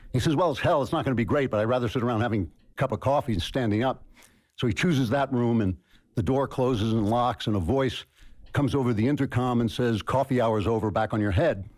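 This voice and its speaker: A man speaking at a university event, measured and deliberate, with wry self-mocking humor. His voice sits at an ordinary male pitch and he tells a long joke slowly, pausing for effect. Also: a little mellow. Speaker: guest speaker. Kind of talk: university lecture speech. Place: lecture hall before an audience.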